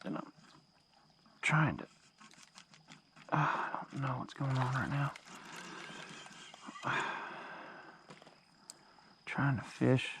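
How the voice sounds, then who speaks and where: A man's voice: mid-range voice, drawn-out words, pauses often, background noise. A man narrating his kayak fishing trip on a lake in a casual vlog, sometimes out of breath. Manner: excited outbursts when catching fish. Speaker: fishing vlogger.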